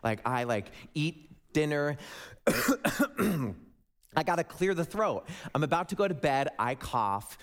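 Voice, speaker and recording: A man's voice: a little high, expressive, measured pace. A young man from Wisconsin giving a humorous storytelling sermon, playful and jokey with asides to the audience. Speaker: speaker addressing a congregation. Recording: long reverb of a large hall.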